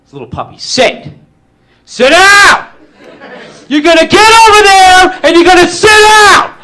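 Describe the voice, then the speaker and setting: A man voicing his angry middle-aged father, barking orders in a strained, bellowing shout. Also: very high-pitched, expressive, fast, some chatter behind, pitched above the performer's own voice, full character voice, poor audio. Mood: yelling.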